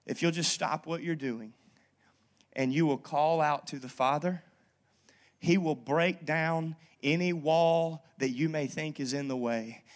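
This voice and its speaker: A man preaching a sermon as pastor, talking in a casual, lively storytelling way and checking in with the congregation. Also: on the high side, a little slow. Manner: conversational, lively storytelling with frequent "okay?" asides. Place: church.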